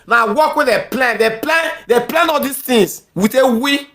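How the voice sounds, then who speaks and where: A woman's voice: fairly high pitch, lively intonation, unhurried, fairly bright tone. A woman with a Nigerian accent ranting angrily in heated social media commentary. She repeats herself often and mixes pidgin with English.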